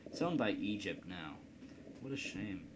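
A man with a somewhat low voice talks through a strategy game in a loose, rambling way, cracking jokes at his own expense. A steady hiss sits under the recording. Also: a little slow. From Indiana, United States. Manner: rambling, joking, self-deprecating. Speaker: let's play host. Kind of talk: casual gameplay commentary. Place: at home computer.

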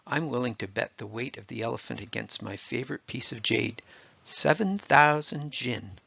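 An excited, boastful court advisor from a storybook, as a man reading aloud puts him on. He speaks with gusto in a gravelly voice. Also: medium pitch, moderate pace, dry recording, muffled recording, heavily acted.

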